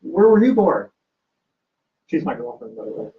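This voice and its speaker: A man lecturing to a live audience, joking, teasing and firing questions at the room. His voice sits a little high for a man. It is picked up from a distance on a dull, lo-fi recording. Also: big pitch swings, normal speed. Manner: jokey, teasing, quizzes the audience. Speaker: university archivist giving a public talk.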